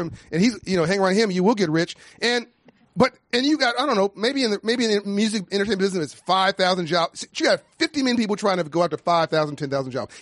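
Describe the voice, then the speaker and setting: Man, high-pitched, impassioned panel speaker with a rousing, repetitive cadence, very dry close sound. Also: no echo. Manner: emphatic, preacher-like cadence with repeated phrases. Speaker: nonprofit founder speaking on a panel.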